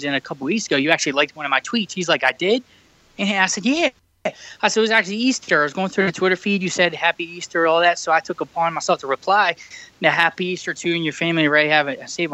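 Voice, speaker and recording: Over a remote call, a male podcast co-host tells a meandering, filler-laden story in relaxed conversation. His voice leans high with a sharp tone, and the audio quality is poor, though there's no echo.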